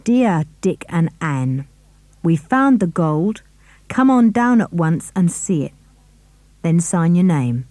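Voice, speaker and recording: A cold, commanding villain threatens calmly, as a woman reads him. The tone is mellow and shifts lively in pitch. The audiobook sound is dry and close. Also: takes it slowly, no echo. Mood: cold menace. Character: menacing grown man villain, cold and threatening. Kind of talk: audiobook character reading.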